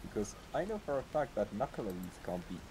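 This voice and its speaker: A man's voice: medium pitch, big pitch swings, quick pace, very noisy. A man playing in a tabletop game, talking bluntly and swearing. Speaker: player.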